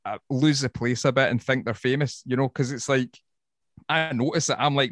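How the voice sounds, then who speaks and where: A Scottish man, a woodworker guest on a podcast, telling stories in a casual, sweary, animated way. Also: mid-range voice, normal speed, dry recording, studio quality. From Scotland. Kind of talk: casual chat.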